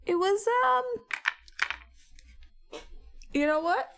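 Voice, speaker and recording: A woman's voice: extremely high pitch, animated, moderate pace, gravelly, a bit bright, a little hiss or hum. A young woman chatting casually with her viewers while painting, giggly and talking to them by name. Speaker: streamer.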